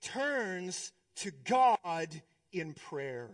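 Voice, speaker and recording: A male pastor preaching a sermon, swinging between hushed, slow stretches and emphatic, rising ones. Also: high-pitched, animated.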